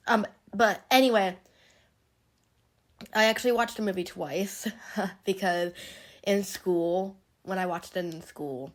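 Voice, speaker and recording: A woman's voice: mid-range voice, takes it slowly, pauses often. A young woman, chatting casually while showing off her Christmas gifts, her voice a little worn from being sick. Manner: chatty, rambling, giggly. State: partly lost voice from being sick. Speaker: vlogger. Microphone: handheld phone, no tripod.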